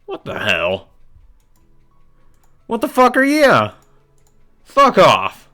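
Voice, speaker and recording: A man's voice: high voice, big pitch swings, moderate pace, soft background music, voice pushed up. A man doing a jeering young street punk. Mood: angry. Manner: shouting, cursing. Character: rough young male street punk, thuggish and mocking.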